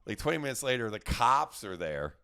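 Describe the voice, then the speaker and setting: A man's voice: mid-range voice, sing-song, fairly quick, gravelly, pushed and bright, smooth. A middle-aged man, a guest comedian, telling rambling stories in casual chat and acting out what people said. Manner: rambling, restarts and acts out quotes. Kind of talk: casual storytelling.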